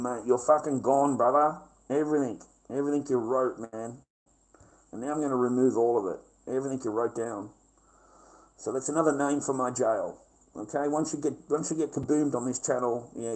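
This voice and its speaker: A man's voice: mid-range voice, brisk, a little mellow, low-quality recording. A middle-aged man with an Australian accent, ranting brashly and combatively on a livestream and swearing constantly. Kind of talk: profane livestream rant.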